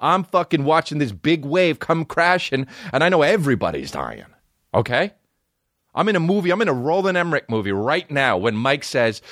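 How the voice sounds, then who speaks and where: Man, podcast host, lively swings in pitch, swears a lot, dry close sound. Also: normal speed, no echo. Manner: profane, animated, rambling storyteller. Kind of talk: comedic storytelling.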